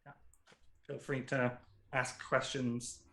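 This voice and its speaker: A man's voice: medium pitch, flat delivery, takes it slowly, creaky, fairly bright tone. A man narrating and running a tabletop game as game master, casual and often laughing. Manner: casual, laughing, loose with fillers.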